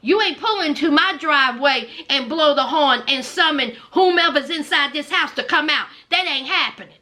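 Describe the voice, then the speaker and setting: A woman's voice: high-pitched, expressive, normal speed, sharp tone. A woman with a Southern US accent giving sassy, emphatic commentary on a reality show, speaking straight to her viewers. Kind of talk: casual commentary.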